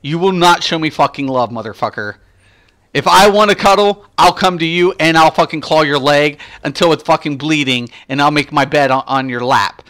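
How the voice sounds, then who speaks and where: A man's voice: fairly high pitch, moderate pace, fairly bright tone, lightly acted. A man voicing a haughty swearing house cat. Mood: imperious. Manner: swearing, imperious.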